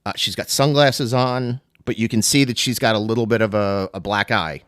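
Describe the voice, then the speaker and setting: A man's voice: on the low side, fairly even intonation, moderate pace, a bit bright, smooth, no echo, clean studio sound. A man hosting a podcast, casually retelling a story in a rambling way full of fillers and laughs. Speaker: podcast host.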